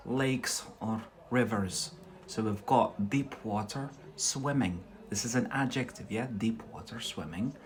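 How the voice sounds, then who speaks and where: A man from Scotland with a Scottish accent, teaching English on a live stream, slow and explanatory, often adding "yeah?" to check his viewers follow. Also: on the low side, fairly bright tone.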